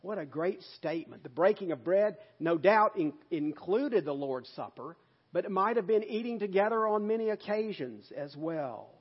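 A male pastor preaching a sermon in an emphatic way, with loud bursts for stress. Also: high-pitched, animated, normal speed, slightly rough, lo-fi sound.

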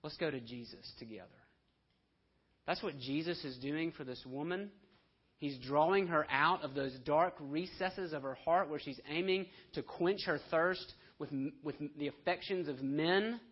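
Passionate man preaching, voice a bit high; muffled lo-fi sermon recording. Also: unhurried, slightly rough. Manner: impassioned, swinging between soft hushed lines and loud emphatic ones. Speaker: pastor. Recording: dull lo-fi sermon audio.

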